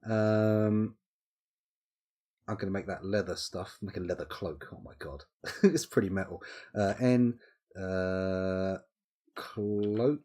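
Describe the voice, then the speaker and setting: A man's voice: low-pitched, takes it slowly, pauses often, mellow. A young man streaming a game live, thinking aloud and muttering menu items with easygoing asides into a desk microphone. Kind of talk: casual live-stream commentary while playing.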